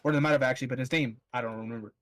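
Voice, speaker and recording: A man's voice: mid-range voice, steady tone, very fast, fairly bright tone. A man telling a long story in a loose, rambling way, swearing often and filling gaps with "like". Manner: rambling, heavy swearing, lots of "like" fillers. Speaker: podcast host. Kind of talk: casual storytelling.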